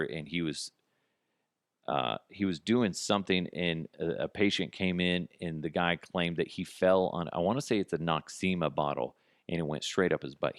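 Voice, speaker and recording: A middle-aged man hosting a podcast, telling profane, comic stories in a casual way and jumping to a high, disbelieving pitch. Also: dry recording, studio quality. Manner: profane, animated, jumps to high incredulous pitch. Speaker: podcast host. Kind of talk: casual comedic storytelling.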